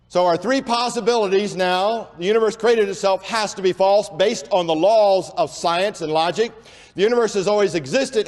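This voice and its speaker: A man with a notably high voice delivers a preaching lecture, pressing each point hard and stretching out his key words. He runs phrases together with barely a breath between them. His voice carries a long reverb tail, as from a large hall. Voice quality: says he has a speech impediment and talks without pausing for breath. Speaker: creationist speaker.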